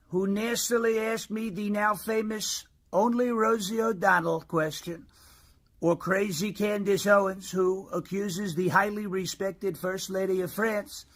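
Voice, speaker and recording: A man doing a comic impression of a brash, boastful president reading his own post, with mocking, drawn-out emphasis. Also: high-pitched, fairly bright tone, exaggerated voice.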